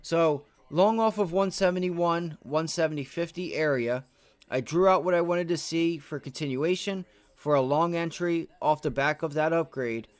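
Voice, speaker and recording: A man's voice: a little high, moderate pace, dry recording. A tired man hosting a trading livestream, rambling to his chat with many restarts. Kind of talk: casual live-stream talk.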